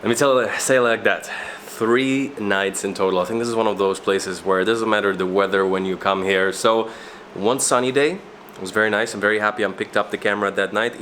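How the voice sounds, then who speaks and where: A man's voice: on the low side, a bit bright, slight background noise. Chatty upbeat travel vlogger man. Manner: chatty, upbeat, loose self-corrections. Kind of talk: casual travel vlog.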